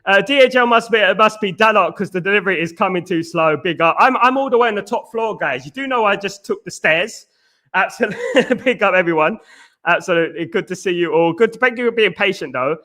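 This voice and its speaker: Host type: man, out of breath, high bright voice, chatty, keeps saying "absolutely.". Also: expressive, a little fast. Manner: chatty, repeats "absolutely" and "big up". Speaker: host of a football live stream. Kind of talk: casual live-stream chat reading viewer comments.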